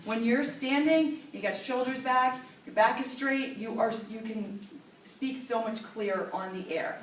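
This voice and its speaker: A woman radio host teaching a class, lively and demonstrative, stressing clear enunciation. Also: on the high side, measured pace, slight background noise. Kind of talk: classroom lesson. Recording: echoey room picked up from far.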